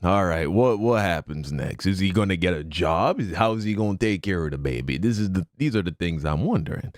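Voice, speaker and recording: A man's voice: low voice, lively intonation, brisk, dry recording, clean studio sound. A married man hosting a reaction video, talking things through casually with sudden shocked outbursts. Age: adult, married. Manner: thoughtful, explains at length, sudden shocked outbursts.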